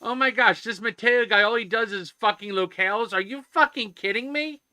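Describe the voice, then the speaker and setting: A man's voice: high-pitched, moderate pace, sharp tone, clean tone, dry recording, clean studio sound. A man streaming himself coding, ranting in casual chatter with constant swearing. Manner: profane, ranting, heavy swearing.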